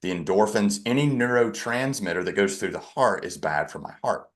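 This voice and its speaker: A man's voice: lowish voice, lively intonation, normal speed. A man guesting on a podcast, candidly telling a personal story with a self-deprecating streak.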